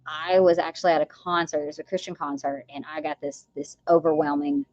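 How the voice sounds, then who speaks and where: A woman guest on a podcast, telling her story in an animated way, full of laughter and quoted voices. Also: deep voice, a little fast, dry recording. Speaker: guest, author. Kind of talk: podcast interview. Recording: dull, slightly lo-fi dry sound.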